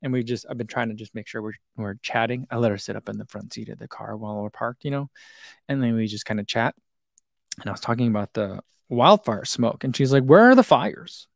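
A man's voice: fairly low pitch, fairly even intonation, fairly quick, gravelly, dry recording, studio quality. A man, hosting a running channel and chatting casually through live comments with lots of fillers and self-deprecating asides.

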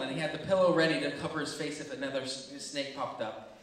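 A young man tells a childhood story to kids, acting out screams and voices. His voice is bright and a little high. He sounds distant, with long reverb from a large hall. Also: fast talker. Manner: animated, acts out screams and voices. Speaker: children's ministry speaker. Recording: echoey hall from far off.

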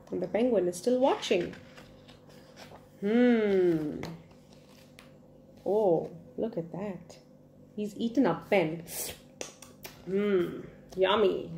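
A woman reading a picture book aloud to children, expressive and full of questions for her young listeners. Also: medium pitch, gravelly, slight background noise. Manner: expressive, asks the children questions, gasps in surprise. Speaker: storyteller for children.

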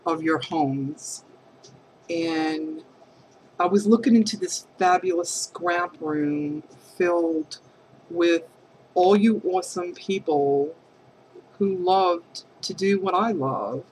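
A woman crafting vlogger talking heartfelt to camera, hesitant and halting, earnest and emotional. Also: lowish voice, a little hiss or hum, low-quality recording. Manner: emotional, affectionate.

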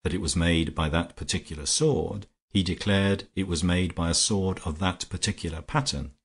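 A man voicing a calm, grave English gentleman detective in a storybook reading, speaking in a measured, explanatory way. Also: low-pitched, gravelly, breathy edge, full character voice.

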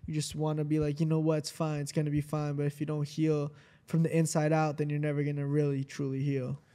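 A young man co-hosting a podcast with his father talks earnestly and agrees readily, leaning heavily on "like." His voice is a little high and warm, fairly quick, and his delivery completely flat.

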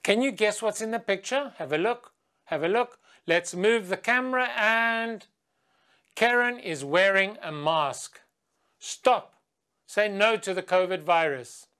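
A woman's slow, clear voice guides children through an English video lesson full of quiz questions. Patient throughout, she chants with the class, lifting into a higher, lively singing tone for it.

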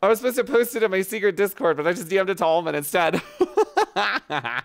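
A woman's voice: medium pitch, fast talker, vocal fry. A woman streaming live in casual, playful chat, thanking viewers and joking crudely with frequent laughter. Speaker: livestreamer.

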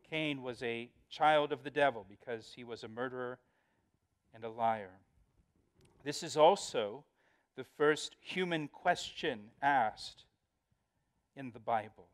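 Clear-voiced pastor teaching scripture. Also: male voice, medium pitch, slow, long pauses. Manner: earnest, repeats words and restarts, reads scripture with emphasis. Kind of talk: verse-by-verse Bible teaching.

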